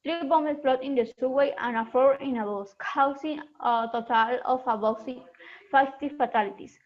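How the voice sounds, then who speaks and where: A teenage girl reading her prepared school presentation in a steady, careful way. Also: high voice, moderate pace, dull audio. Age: teens. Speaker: student presenter.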